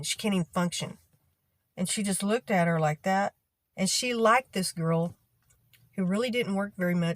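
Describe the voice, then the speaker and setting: Middle-aged lady venting about an old job, lowish voice, dry close sound. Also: no echo. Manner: exasperated, acts out quoted voices. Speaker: vlogger telling a work story. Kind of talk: casual storytelling to camera.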